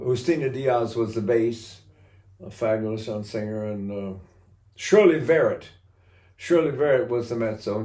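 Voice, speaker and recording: A man's voice: mid-range voice, mellow, echoey room. An older man teaching singing technique in a rambling way, breaking into sung vowels and imitated voices to demonstrate. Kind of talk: recorded voice lesson.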